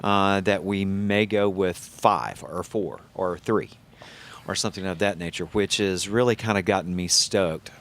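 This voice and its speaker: A man's voice: sits low, steady tone, unhurried, fairly bright tone. A man hosting a podcast interview, casual and hesitant, searching for his words. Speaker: podcast host.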